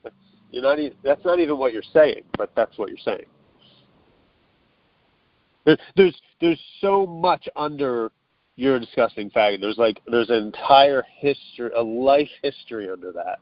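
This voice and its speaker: A man's voice: medium pitch, lively intonation, measured pace, dry recording. Man explaining earnestly over a phone line. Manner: earnest, loose explaining with restarts and acted-out quotes. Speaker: interview guest. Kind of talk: casual explanatory phone interview. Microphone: telephone. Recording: dull, dry phone line.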